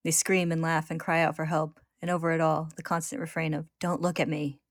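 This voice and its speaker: A woman hosting, narrating a story recap in a steady, descriptive way. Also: deep voice, a little fast, no room sound, studio quality.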